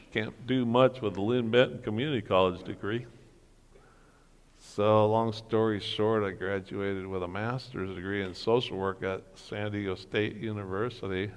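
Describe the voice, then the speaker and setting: Low-voiced man in a reverberant hall. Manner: storytelling that acts out dialogue with humor. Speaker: guest speaker. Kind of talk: motivational talk. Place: church hall at a men's breakfast.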